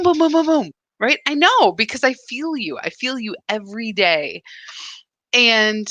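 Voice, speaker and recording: A woman leads a live spiritual session in a bright, forward voice. She talks in a lively, chatty way and keeps checking in with "right?". The sound is close and dry. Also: mid-range voice, dry recording. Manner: animated, chatty, full of "right?" asides. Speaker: spiritual guide leading a live practice. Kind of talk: live-stream spiritual talk.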